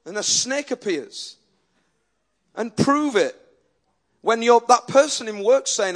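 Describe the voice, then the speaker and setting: Guy preaching a sermon, fairly high voice, gets worked up and repeats himself telling his gym story. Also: normal speed. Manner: animated, repeats words when excited, quotes others in his stories.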